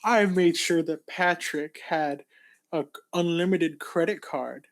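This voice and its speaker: A man's voice: a little high, measured pace. A guy doing gloating Plankton. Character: tiny scheming villain plankton, male.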